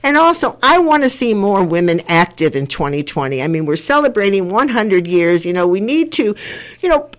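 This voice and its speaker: A woman's voice: medium pitch, big pitch swings, normal speed. An older woman hosts a community radio talk show. She speaks earnestly and rambles a little, often repeating herself as she gathers her thoughts. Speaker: radio host.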